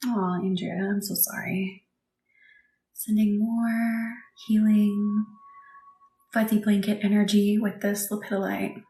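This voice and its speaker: A woman leading a live Reiki session and chatting with viewers, speaking softly and reassuringly, sometimes dropping to a whisper. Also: medium pitch, little pitch movement, takes it slowly, pauses often. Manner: soft, reassuring, often drops to a whisper. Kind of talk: livestream chat with viewers. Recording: echoey room with faint background noise.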